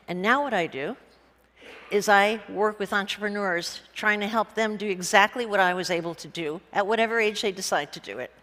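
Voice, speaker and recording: A woman's voice: mid-range voice, brisk, fairly bright tone. A woman giving a humorous talk at a conference, telling stories in a blunt, joking way with some casual profanity. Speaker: conference speaker, businesswoman. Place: conference stage before a live audience. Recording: reverberant hall.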